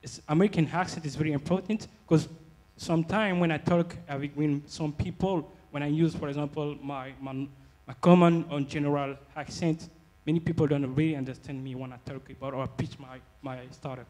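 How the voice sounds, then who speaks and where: A man in the audience asking the panel a question, halting and searching for words. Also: a little high, fairly even intonation, a little mellow. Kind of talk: question from the floor.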